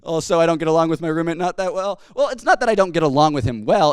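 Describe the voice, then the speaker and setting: A man's voice: fairly high pitch, lively intonation, fast, hardly any pauses, clean tone. A young man performing a stand-up comedy set on stage into a handheld mic, telling rambling stories that keep interrupting themselves. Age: young adult. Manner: rambling, self-interrupting storytelling.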